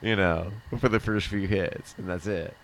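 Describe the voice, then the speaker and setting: A man's voice: low voice, fairly even intonation, moderate pace, a little hiss or hum. A middle-aged man hosting a livestream, telling a rambling personal story in casual chat, often laughing and swearing. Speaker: livestream host.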